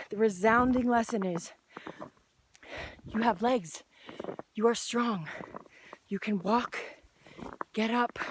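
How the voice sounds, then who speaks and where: A woman speaks in a slow, unhurried way, her voice sitting a little high, as she gives an earnest and encouraging personal devotional talk. She leans into each phrase with emphasis. She was recorded outdoors on a hillside trail, with faint noise underneath. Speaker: Christian vlogger sharing faith.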